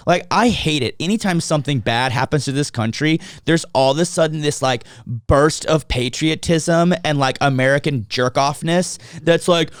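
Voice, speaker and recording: A young man co-hosting a podcast rants with heated, profane energy and slips into mocking cheerful voices to make a point. His voice sits a little high for a man, and the sound is close and dry, with no room around it. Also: normal speed, few pauses, no room sound. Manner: ranting, swears a lot, mocking voices. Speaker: podcast co-host. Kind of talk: casual podcast chat.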